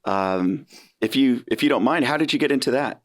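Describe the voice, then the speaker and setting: A man's voice: mid-range voice, lively intonation, normal speed, no room sound, studio quality. A man with an American accent hosting a podcast, casual and meandering, laughing often. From United States. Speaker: podcast host. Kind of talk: casual interview chat.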